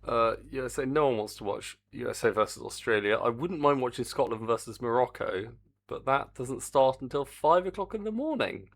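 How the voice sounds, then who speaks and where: Game developer type, middle-aged man, gravelly voice with a lively swing, grumbles half to himself in casual stream chatter. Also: medium pitch, normal speed. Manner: muttering, grumbling asides to himself. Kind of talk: casual live-stream commentary.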